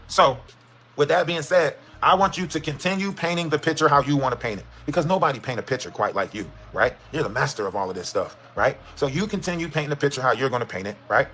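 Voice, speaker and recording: A man's voice: mid-range voice, animated, fast talker, fairly bright tone. A man in a livestream clip, ranting defiantly and ending his points with "right?". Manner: defiant, repeats "right?" often. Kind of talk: livestream rant.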